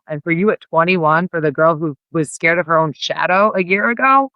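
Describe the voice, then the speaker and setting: A woman basketball coach talking candidly in a podcast interview, earnest and quick, with lots of "like" and restarts. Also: lowish voice, bright, forceful tone, no echo, muffled recording. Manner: rapid and earnest, heavy use of "like", with frequent restarts. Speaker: college basketball head coach.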